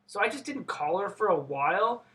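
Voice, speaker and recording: With a voice that sits high and swings widely in pitch, a bit bright and at normal speed, a man rambles through a profane personal story. He keeps cutting himself off and starting again, and the recording is low quality.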